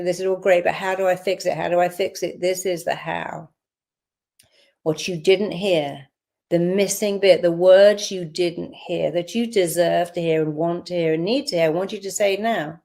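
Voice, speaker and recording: A woman's voice: lowish voice, warm tone. A woman leading a guided visualization in a live online session, giving firm instructions and repeating phrases for listeners to say aloud. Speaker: therapist leading an exercise.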